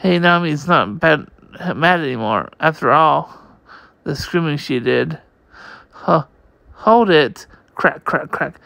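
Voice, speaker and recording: Slow, gravelly man reading comics. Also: a little high, sharp tone, no echo. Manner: halting, slow reading with many restarts. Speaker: comic reader.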